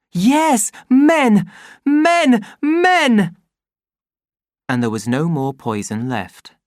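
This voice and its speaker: A man reading an audiobook as narrator, slow and expressive. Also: mid-range voice, dry recording, studio quality.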